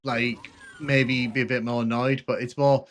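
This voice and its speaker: A man chatting loosely through a live gameplay stream, his voice of ordinary middle pitch. He talks in halting bursts full of fillers and restarts as he answers viewers. A faint hum sits behind him. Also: little pitch movement, fairly bright tone. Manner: rambling, hesitant, many restarts and fillers. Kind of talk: casual live gameplay commentary.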